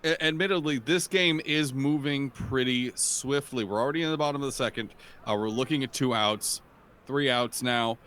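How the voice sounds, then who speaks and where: A man's voice: mid-range voice, moderate pace, fairly bright tone, clean tone. A young man giving color commentary on a game, thoughtful and hesitant, often restarting his sentences. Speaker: color analyst.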